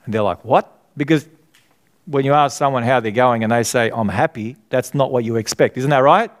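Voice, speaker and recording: A man's voice: medium pitch, brisk. A middle-aged man preaching a sermon, earnest and conversational, often asking the congregation to fill in his words. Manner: asks the congregation questions to fill in. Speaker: pastor.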